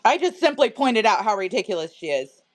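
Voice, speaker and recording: A woman's voice: medium pitch, big pitch swings, fairly quick. A woman selling on her live stream, chatting casually, laughing often and answering her viewers' comments. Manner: laughs often, chatty and amused, reads chat aloud. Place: her home, indoors.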